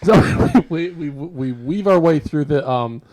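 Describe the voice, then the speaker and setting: A male podcast host asking questions in casual chat, teasing with mock-grand praise and halting restarts. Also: fairly high pitch, expressive, background noise.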